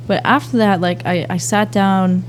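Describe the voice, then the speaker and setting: A soft-spoken woman in her twenties from the Boston area chats as a podcast guest, easy and relaxed, dropping plenty of "um" and "like". Her voice sits mid-range, with a faint hiss under it. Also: mid-range voice, moderate pace. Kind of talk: casual interview chat.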